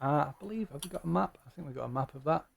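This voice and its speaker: A man running a tabletop game as game master, narrating with many pauses, ums and restarts. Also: on the high side, gravelly, a little hiss or hum.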